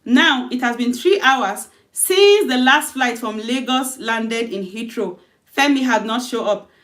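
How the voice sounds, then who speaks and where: Woman, fairly high voice, informal storyteller reading her own tale, chatty and unpolished, restarts lines. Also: animated, unhurried, fairly bright tone. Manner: loose, conversational retelling with self-corrections.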